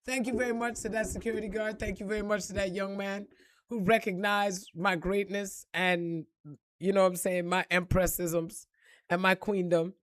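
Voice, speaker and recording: A woman's voice: mid-range voice, flat delivery, normal speed, no echo. A woman telling a personal story in casual, profane vlog style, acting out the quotes and laughing along.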